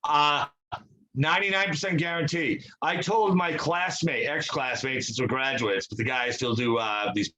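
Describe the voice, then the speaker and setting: A man's voice: mid-range voice, steady tone, moderate pace, sharp tone, low-quality recording. A young man co-hosting a podcast, telling rambling stories in casual chat, swearing freely and acting out quotes. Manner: rambling storyteller, swears a lot, acts out quotes. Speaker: podcast co-host.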